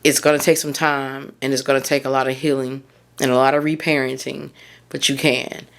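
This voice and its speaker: A woman's voice: a bass voice, little pitch movement, a little fast, gravelly, fairly bright tone. A woman, hosting a solo podcast and talking candidly and heartfelt, often drifting off track. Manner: candid, heartfelt, rambling and prone to losing her thread. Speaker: podcast host and mindset coach.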